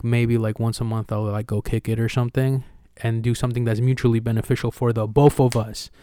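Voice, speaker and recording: A man's voice: medium pitch, mellow, clean tone, dry recording, studio quality. A man hosting a podcast in casual conversation, talking candidly with slang and swearing, and acting out the conversations he retells. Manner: acts out retold dialogue with energy. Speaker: podcast host.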